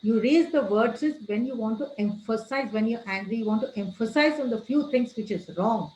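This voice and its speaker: Woman trainer, slightly high voice, lecture delivery with stressed words, echoey room. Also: normal speed, darkish tone, a little hiss or hum. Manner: addresses listeners as friends, gives tips.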